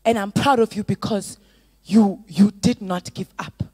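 A middle-aged woman pastor preaching a sermon, moving from soft storytelling to loud, drawn-out exhortation. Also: medium pitch, fairly even intonation, husky, dry recording.

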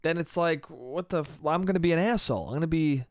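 A man's voice: on the high side, quick pace, no room sound, clean studio sound. A young man hosting a solo comedy podcast, talking in a loose, rambling way, swearing casually and trailing off. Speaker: podcast host.

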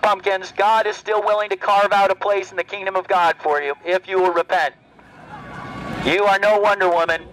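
A man's voice: high voice, fairly bright tone, slight background noise, rough recording. A man preaching on a city street outdoors, taunting passers-by by their costumes and repeating each jab. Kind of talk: open-air street preaching.

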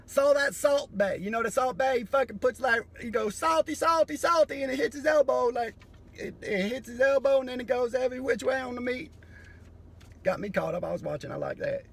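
A man doing a profane, sardonic comedy monologue that breaks into sudden loud bursts. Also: extremely high pitch, fairly quick, gravelly, slightly rough.

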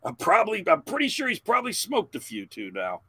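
A man in his forties, a podcast guest, telling a long profane story in a loud, animated way. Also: high-pitched, a little fast, heavy background noise.

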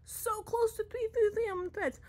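Giggly young woman vlogger, high voice, rambly and a bit out of breath. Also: steady tone, moderate pace. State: out of breath from dancing. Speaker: vlogger and teacher. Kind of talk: casual chat.

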